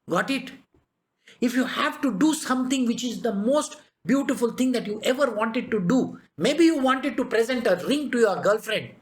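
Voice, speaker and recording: Man, high voice, spiritual teacher, sermon, emphatic, rhetorical questions. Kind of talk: spiritual discourse.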